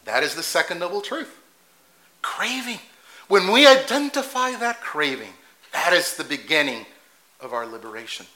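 A man's voice: on the high side, sing-song, moderate pace, pushed and bright, poor audio. A man preaching a sermon in a conversational way, laughing at his own asides and correcting himself as he goes.

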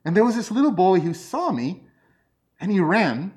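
A man's voice: high-pitched, moderate pace. A man preaching a sermon, telling personal stories. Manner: lively storytelling, personal anecdotes.

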